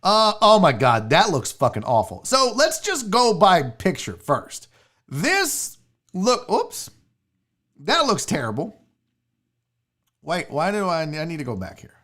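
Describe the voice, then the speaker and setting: A woman's voice: fairly low pitch, fairly bright tone, breathy edge. A woman hosting a casual livestream chat, blunt, profane and mocking as she reacts. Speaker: sports show host.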